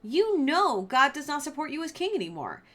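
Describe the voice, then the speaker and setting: A woman's voice: high-pitched, big pitch swings, moderate pace, fairly bright tone, pitched above the performer's own voice. A woman voicing the ghost of an old male prophet who answers in a blunt, slangy, mocking way. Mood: exasperated.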